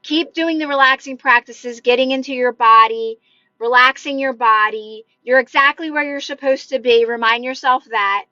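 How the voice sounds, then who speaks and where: Bright high-voiced woman on a livestream. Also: normal speed, no room sound, muffled recording. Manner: chatty and encouraging, many "like" fillers, talks with her hands. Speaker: manifestation coach hosting a livestream. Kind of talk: casual livestream chat answering viewer comments. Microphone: phone livestream mic.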